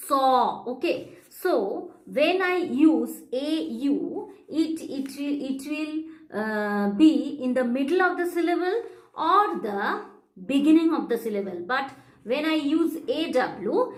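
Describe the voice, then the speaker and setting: A woman teaches phonics, pausing to spell out letters and sound out each word. Her voice sits high and her delivery is unhurried. The room around her gives back a noticeable echo. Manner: slow, deliberate explanation, spelling out letters and sounding words. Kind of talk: phonics lesson. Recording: echoey room.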